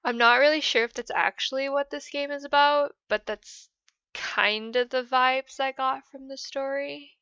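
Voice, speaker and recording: A woman hosting a gaming channel, talking through her feelings about a game in a hesitant, rambling, soft and emotional way. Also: sits high, steady tone, measured pace, no room sound, lo-fi sound. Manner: hesitant, rambling, many "I don't know"s. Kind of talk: casual post-game reflection.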